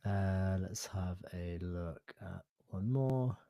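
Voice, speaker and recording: A man presenting a live online software demo, thinking aloud in a relaxed, hesitant way with fillers and self-corrections. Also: low-pitched, takes it slowly, creaky, no room sound. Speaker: webinar presenter.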